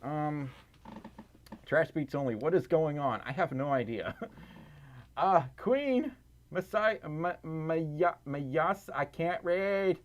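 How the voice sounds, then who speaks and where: A man's voice: fairly high pitch, lively intonation, slow pace, highs cut off. A man chatting casually on a livestream, rambling and self-deprecating with lots of fillers and laughs, tired and a little scratchy. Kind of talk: casual live stream chat.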